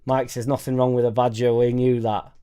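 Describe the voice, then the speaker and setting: A man's voice: medium pitch, level tone, a little fast, warm tone, smooth. A man hosting a casual live stream from a home studio, chatting in a rambling, jokey way and reading out viewer comments. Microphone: suspended studio microphone.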